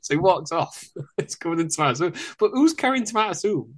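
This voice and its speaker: A man's voice: high-pitched, lively intonation, quick pace, background noise. Laughing man hosting a quiz. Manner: laughing, joking, swearing. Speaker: quiz host. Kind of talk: casual podcast quiz chat.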